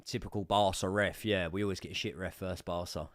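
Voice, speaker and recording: A young man giving sweary live commentary as a football fan on a watchalong stream, swinging from muttering to shouting. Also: sits low, fairly even intonation, brisk, dry recording, clean studio sound.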